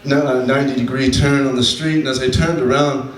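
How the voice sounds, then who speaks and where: A man doing a stand-up comedy set on a club stage, deadpan, slowing down for his punchlines. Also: medium pitch. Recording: echoey room from a distant mic, faint ambience.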